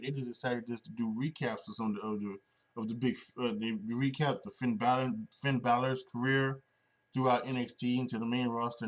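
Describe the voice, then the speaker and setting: A man hosting a solo wrestling podcast, talking casually and rambling with many restarts and fillers. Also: medium pitch. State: sleepy, yawning.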